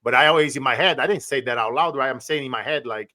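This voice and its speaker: A man's voice: medium pitch, fast talker, pushed and bright. A man from Brazil, hosting a casual interview in an earnest, enthusiastic way. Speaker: host.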